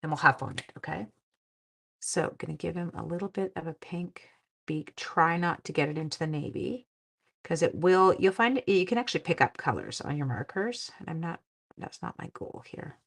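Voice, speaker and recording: Chatty gravelly-voiced woman crafting live. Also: lowish voice, moderate pace. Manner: chatty, self-deprecating, drops to quiet mutters while working. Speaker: craft livestream host. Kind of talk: casual crafting demonstration.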